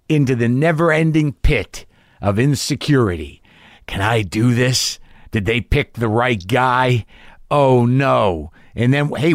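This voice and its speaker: A man's voice: medium pitch, dry recording, studio quality. A man hosting a podcast, talking alone in a frank, profane, self-deprecating way. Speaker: podcast host. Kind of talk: solo monologue.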